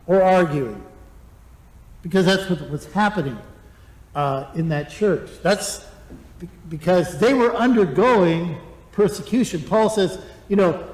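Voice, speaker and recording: A high-pitched male pastor preaching with lively, animated delivery. His voice rings out in a roomy hall with a long echo behind it. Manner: animated, acts out grumbling voices. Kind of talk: sermon.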